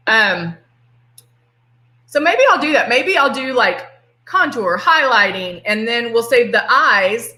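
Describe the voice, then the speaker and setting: Chatty Texan woman, bright voice. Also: a little high, very animated, a little slow, long pauses. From Texas. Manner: chatty and playful, greets viewers by name. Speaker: makeup artist hosting a live tutorial. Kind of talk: casual live-stream demonstration. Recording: echoey room.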